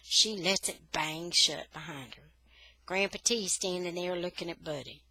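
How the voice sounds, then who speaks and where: Woman reader, expressive storyteller for a children's novel, bright voice. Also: fairly low pitch, measured pace, no echo, rough recording. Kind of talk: reading a children's novel aloud.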